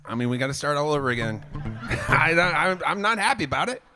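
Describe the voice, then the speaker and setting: High-voiced joking singer over a live band. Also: male voice, big pitch swings, a little fast, over music. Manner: joking, profane, self-mocking. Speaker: singer-songwriter. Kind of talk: live concert banter and singing. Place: stage at a music venue. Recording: live band playing behind.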